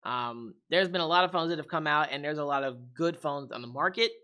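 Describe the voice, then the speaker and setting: Young guy hosting a tech podcast, super bright voice, laughs a lot, does silly gadget voices. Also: fairly high pitch, fairly quick, smooth. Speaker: podcast host. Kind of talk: casual tech podcast chat.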